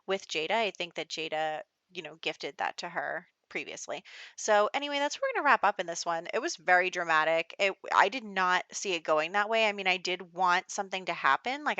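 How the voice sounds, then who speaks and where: A woman's voice: on the low side, pushed and bright, clear, resonant tone, dry recording, highs cut off. A woman narrating a life-simulation game in a casual, chatty way, full of "like" and "you know". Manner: chatty, filler-heavy storytelling. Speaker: gameplay narrator. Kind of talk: casual let's play commentary.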